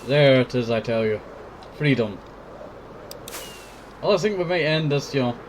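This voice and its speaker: A man's voice: mid-range voice, lively intonation, normal speed, a little hiss or hum. A sick man with a cough, rambling casually while commenting on his own gameplay. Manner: rambling, keeps saying "I tell you". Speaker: gameplay video host.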